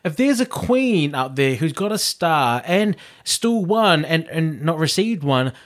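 A man co-hosting a casual podcast chat, animated and laughing often. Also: a little high, a little slow. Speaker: podcast co-host.

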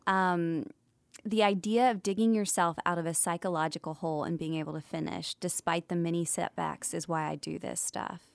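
A woman hosting a podcast interview, asking warm, reflective questions. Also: fairly low pitch, steady tone, moderate pace, vocal fry, no room sound. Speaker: podcast host. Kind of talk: interview conversation.

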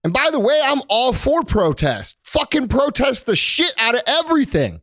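A man's voice: very high voice, very animated, normal speed, pushed and bright, no echo, studio quality. Fired-up, profane man ranting. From United States. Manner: profane, emphatic, preachy. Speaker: podcast co-host. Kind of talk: heated podcast rant.

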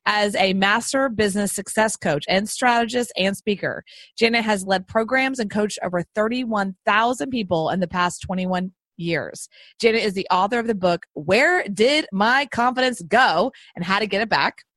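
A woman's voice: medium pitch, normal speed, fairly bright tone, no echo. A woman podcast host chatting with a guest in a bubbly, enthusiastic, rambling way. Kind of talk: casual interview chat. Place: Austin.

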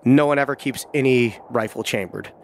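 A hunting guide telling a tense first-person story, vivid and halting, with frequent restarts. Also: male voice, medium pitch, a little mellow, a little hiss or hum.

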